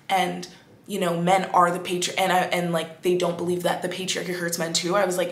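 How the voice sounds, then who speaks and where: A woman hosting a podcast, talking in a casual, animated monologue full of "like"s and restarts. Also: lowish voice, moderate pace, reverberant. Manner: animated, chatty, many "like"s and restarts. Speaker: podcast host.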